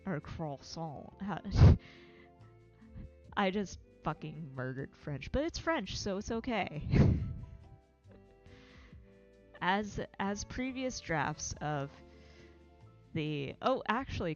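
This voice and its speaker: A woman's voice: medium pitch, darkish tone, lo-fi sound. An American woman hosting a livestream, chatting casually in a rambling, self-deprecating way, swearing freely and laughing often. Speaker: livestream host.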